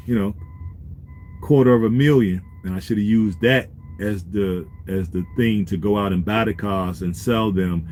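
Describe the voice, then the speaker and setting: A man's voice: fairly low pitch, measured pace, a little mellow, a little hiss or hum. A man vlogging in a laid-back, street-wise way, talking to his viewers and giving business advice. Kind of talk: casual talk to camera.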